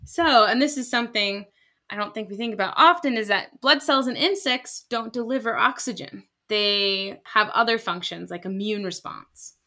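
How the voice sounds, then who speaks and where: Bright-sounding woman in her 30s chatting animatedly about her research, slightly high voice. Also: moderate pace. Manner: animated, acts out quoted voices. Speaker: scientist guest. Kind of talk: casual conversational explanation.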